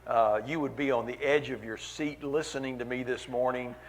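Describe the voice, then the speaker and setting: A man's voice: mid-range voice, fairly even intonation, normal speed. A man preaching a sermon at a church meeting, earnest, repeating key phrases for weight.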